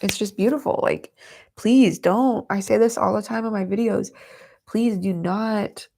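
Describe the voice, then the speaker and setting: Tearful, earnest woman with a gravelly edge. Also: mid-range voice, normal speed, dark tone. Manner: earnest, emotional, easily moved to tears. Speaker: host of a Christian livestream. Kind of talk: devotional Bible reading and chat.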